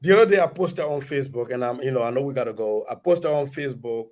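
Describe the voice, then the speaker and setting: A middle-aged man from Liberia with a Liberian accent, telling a story in a lively, animated way on a radio talk show. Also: mid-range voice, quick pace. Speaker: radio guest. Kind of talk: storytelling in conversation.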